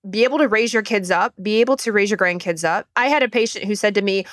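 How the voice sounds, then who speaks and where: A woman in her forties hosting a podcast interview, talking in a lively way. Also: medium pitch, quick pace, few pauses, no echo, studio quality. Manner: lively, acts out patient voices. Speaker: podcast host.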